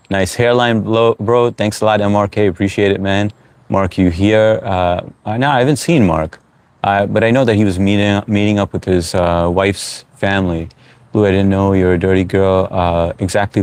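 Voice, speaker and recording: A man's voice: sits low, clean tone, no echo. A middle-aged man from the United States hosting a live stream, chatting casually and reading out viewer comments with frequent fillers. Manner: relaxed, reads out chat comments, frequent uh fillers. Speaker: livestream host.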